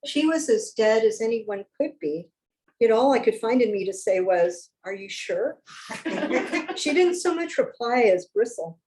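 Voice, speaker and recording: A woman author reading her own fiction aloud, with wry, expressive first-person narration. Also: fairly high pitch, moderate pace, a little hiss or hum, poor audio.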